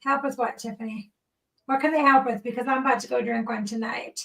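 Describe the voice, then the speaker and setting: A woman's voice: a little high, steady tone, brisk, vocal fry, low-quality recording. A woman hosting a live stream, reading viewer questions in a bubbly, teasing way. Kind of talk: casual live-stream chat.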